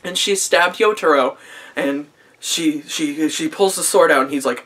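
A man's voice: a little high, a little slow, a bit bright. A man recapping an anime episode in a casual video review, sarcastic and profane, laughing often, recorded on a camera mic.

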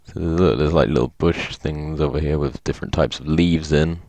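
A man hosting casual gameplay commentary, excitable, reading in-game signs aloud and laughing often. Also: a bass voice, normal speed, vocal fry, a little hiss or hum. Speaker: gaming video host.

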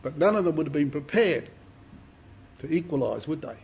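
A man's voice: a little high, expressive, normal speed, darkish tone, a little hiss or hum. A man preaching a Bible study to a congregation, reading scripture dramatically and asking rhetorical questions.

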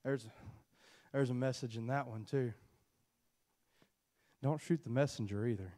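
A man preaching a sermon in an animated, storytelling way, acting out dialogue from the story. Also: mid-range voice, measured pace.

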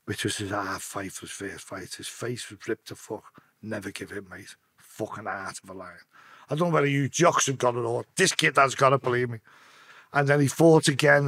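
A man with a thick Scouse accent tells his stories bluntly and swears constantly. His voice is husky and sits in a middle register. The recording is close and dry. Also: medium pitch, fairly bright tone, dry recording. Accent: Liverpool (Scouse). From Liverpool, England. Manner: blunt, heavy swearing, restarts mid-sentence. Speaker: podcast guest. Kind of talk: casual storytelling.

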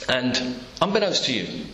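In an echoey church with faint ambience, a man with a sharp, mid-range voice preaches a sermon. He tells the story by imagining the characters' dialogue.

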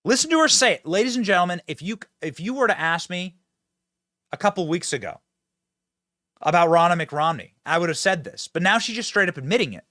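A man's voice: high-pitched, expressive, sharp tone, no echo, studio quality. A man hosting a political commentary show, talking emphatically and straight to his audience. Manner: emphatic, fast-talking, addresses audience directly.

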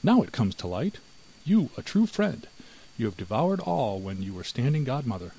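A man's voice: big pitch swings, fairly quick, mellow, slightly rough, exaggerated voice, low-quality recording. A man voicing a timid, fretful female house mouse in a storybook reading. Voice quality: high and anxious.

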